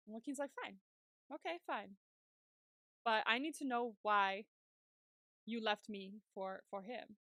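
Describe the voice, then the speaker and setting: A woman co-hosting a podcast, retelling a TV episode in casual chat and putting on quick voices for the characters she quotes. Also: on the high side, sharp tone, no room sound, clean studio sound. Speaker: podcast co-host.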